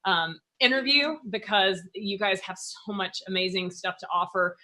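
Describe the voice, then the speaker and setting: A woman hosting an interview, praising her guests effusively in a relaxed chat. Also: mid-range voice, normal speed, low-quality recording. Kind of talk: casual interview talk.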